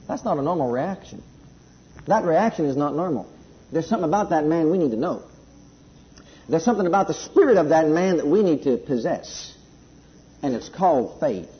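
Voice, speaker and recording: High-voiced man preaching a sermon. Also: lively intonation. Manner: emphatic preaching that drops to a soft, slow delivery. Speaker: pastor. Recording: dull lo-fi recording.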